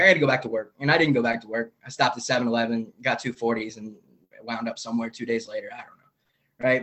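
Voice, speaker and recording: A young man tells his recovery story over a video call. He talks in a candid, rambling way, full of fillers and side comments, in a voice of ordinary middle pitch. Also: fairly bright tone. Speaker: AA meeting member sharing. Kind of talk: personal recovery share.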